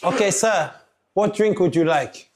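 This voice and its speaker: A man voicing a prim female waitress, in a high mock-polite falsetto. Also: a little slow.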